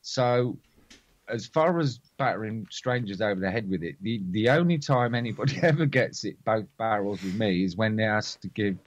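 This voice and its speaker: A man talking in a measured, self-deprecating way in casual chat. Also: on the low side, animated, no echo. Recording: dry, dull lo-fi audio.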